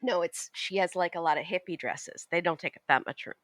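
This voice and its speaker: Wry joking woman guest, bright voice, dry close sound, pitch jumps around a lot. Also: fairly quick, dry recording. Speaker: podcast guest. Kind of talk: casual chat about TV.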